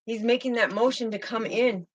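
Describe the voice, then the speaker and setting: A woman's voice: fairly high pitch, steady tone, moderate pace, no room sound, highs cut off. A woman giving a spiritual tarot reading in a fervent, emotive way, often repeating herself. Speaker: tarot reader.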